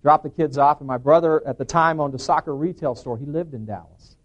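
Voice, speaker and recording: A man's voice: on the high side, fairly quick, lo-fi sound. A middle-aged man telling a personal testimony to an audience as an earnest storyteller who acts out the dialogue he quotes. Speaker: preacher giving a personal testimony.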